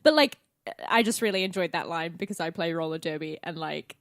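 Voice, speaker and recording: A woman's voice: fairly low pitch, fairly quick, no room sound, clean studio sound. A young Australian woman co-hosting a podcast, chatting casually and enthusiastically and swearing often. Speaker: podcast co-host. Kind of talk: casual chat.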